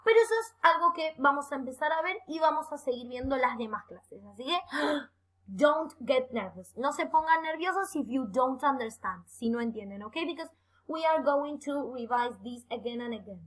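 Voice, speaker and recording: Young woman teacher, high and bright, bouncy intonation; encouraging, stretches out key words for kids. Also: low-quality recording. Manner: lively, encouraging, slow careful emphasis on words. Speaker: English teacher. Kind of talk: bilingual online lesson for children.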